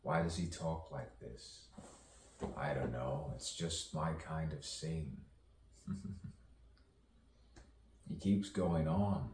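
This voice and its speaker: A poet with a remarkably low, darkish voice delivers a rambling spoken-word soliloquy, letting phrases circle back in slow rhythmic loops. He's well back from the mic in a roomy, echoing space, a faint hiss running underneath.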